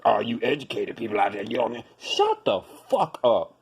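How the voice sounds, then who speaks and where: A man's voice: mid-range voice, wildly swooping pitch, moderate pace, gravelly, slightly rough. A man hosting a podcast, ranting in blunt, profane commentary and hammering his points with repetition. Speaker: podcast host.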